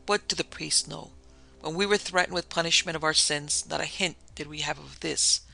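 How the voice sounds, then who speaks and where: A man voicing a dead villager who laments bitterly from his grave, in a gravelly voice. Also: a little high, steady tone, moderate pace, sharp tone, heavily acted.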